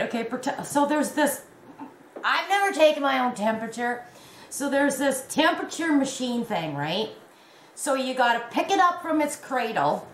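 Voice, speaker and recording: A chatty woman vlogger tells stories to her viewers in a lively, self-mocking way. Her voice sits a little high, and the room around her is echoey with a faint hum behind. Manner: animated storytelling, laughs at herself. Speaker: crochet vlogger. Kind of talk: casual chatty vlog.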